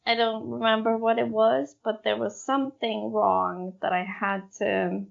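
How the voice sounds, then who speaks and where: Slow, gravelly woman podcaster. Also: on the high side, little pitch movement, narrow, tinny audio. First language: not English. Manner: storytelling, giggly, hesitant. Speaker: podcast co-host. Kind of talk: casual true-crime podcast chat.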